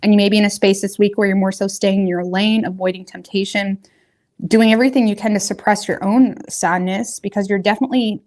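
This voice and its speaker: A woman's voice: medium pitch, steady tone, fairly quick, darkish tone. Casual, rambling woman reading tarot. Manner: rambling, colloquial, talks straight to viewers. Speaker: tarot reader.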